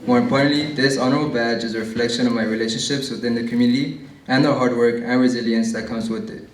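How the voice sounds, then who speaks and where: A man's voice: medium pitch, fairly even intonation, fast talker. A teenage student reading his own essay aloud at an award event, plain and a little nervous, with some slips. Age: teens. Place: large library event hall. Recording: echoey room from far off.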